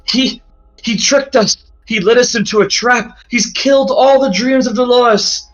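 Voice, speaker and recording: A man's voice: very high voice, a little slow, a bit bright, pitched above the performer's own voice. Man putting on a desperate pleading woman. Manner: urgent, pleading. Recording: dull lo-fi audio with faint music.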